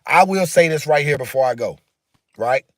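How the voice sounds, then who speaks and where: A man's voice: on the high side, animated, normal speed, fairly bright tone, dry recording, clean studio sound. A man hosting a casual livestream, talking emphatically and repetitively in a preachy way while answering viewer comments. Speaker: livestream host.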